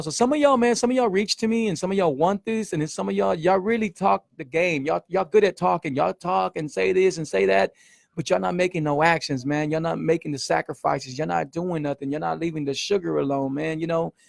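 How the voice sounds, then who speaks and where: A man's voice: on the high side, fairly quick, creaky, no room sound, studio quality. A middle-aged man, hosting a casual livestream as a keto coach, emphatic and repetitive, peppering his talk with man and y'all. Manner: emphatic, repeats himself, says man and y'all often. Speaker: keto coach and show host.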